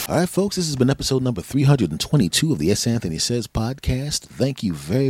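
Low-voiced, sarcastic male podcast host. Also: a little mellow, no room sound. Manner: profane, sarcastic rambling storyteller. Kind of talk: comedic solo monologue.

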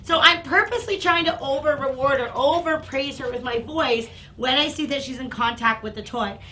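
A woman dog trainer explaining and demonstrating toys, breaking into excited praise for her dog. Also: moderate pace, slight background noise. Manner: upbeat, bursts into high excited praise for the dog.

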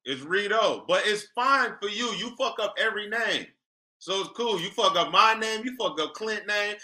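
Man, comedian co-host, brash, profane, very bright voice. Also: high voice, lively intonation, moderate pace. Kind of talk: casual comedic banter.

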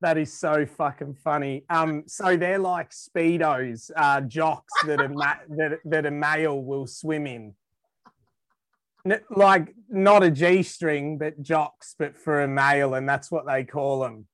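A man's voice: on the high side, fairly even intonation, takes it slowly, a bit bright, no echo, clean studio sound. A man with an Australian accent chatting casually as a podcast guest, laid-back and laughing often, trailing off and restarting his sentences. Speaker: guest musician.

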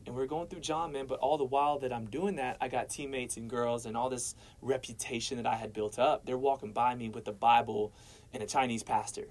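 Young guy telling his life story, super casual, keeps saying man and bro, average pitch. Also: steady tone, brisk, rough recording. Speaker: guest sharing his testimony. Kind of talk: casual personal testimony.

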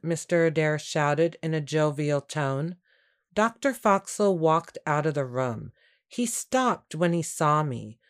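A woman narrating a first-person period story in a measured, earnest, introspective way. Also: fairly low pitch. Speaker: audiobook narrator.

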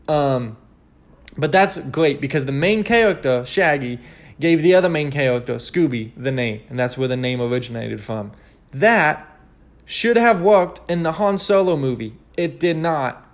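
A man's voice: medium pitch, moderate pace. A young man hosting a casual solo podcast, rambling and cursing with many restarts as he rants animatedly. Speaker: podcast host.

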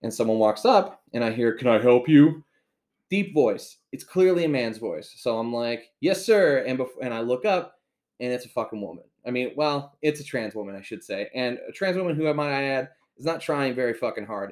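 A man's voice: mid-range voice, expressive, brisk. A man hosting a podcast, telling a story in a heated, profane rant. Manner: heated, swears constantly, storytelling. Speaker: podcast host. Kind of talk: profane ranting monologue.

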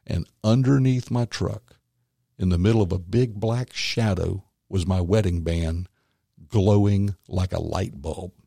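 A man, a former magician and comedian turned minister, tells his faith story as an interview guest, animated and acting out the voices of others. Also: sits low, a little slow, creaky, dry recording, studio quality. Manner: animated storyteller who acts out quotes. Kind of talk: personal faith testimony in conversation.

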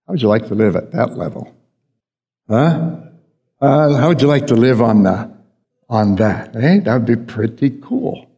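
A man's voice: mid-range voice, big pitch swings, measured pace, mellow. Man, pastor, conversational sermon, questions to the congregation, long reverb.

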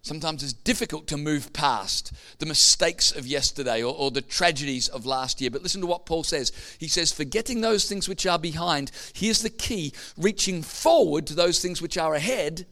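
A man preaches to his congregation, his voice sitting a little high for a man. He tells stories in a loose, chatty way, then builds up to emphatic, punchy points. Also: animated, moderate pace, few pauses, bright, forceful tone. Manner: storytelling, building to emphatic peaks. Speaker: pastor. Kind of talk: sermon.

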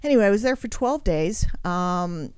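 A woman's voice: medium pitch, lively intonation, normal speed, smooth, no echo. A woman with a Southern US accent, chatting on a talk show and telling stories with wry asides and small restarts. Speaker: co-host. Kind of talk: casual chat.

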